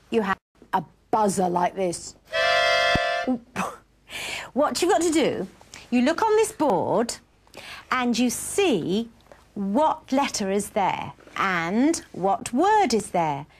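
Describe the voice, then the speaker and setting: Lively high-voiced woman presenter for children. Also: slight background noise. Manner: animated, coaxing, asks children questions. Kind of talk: storytelling and quiz game for children.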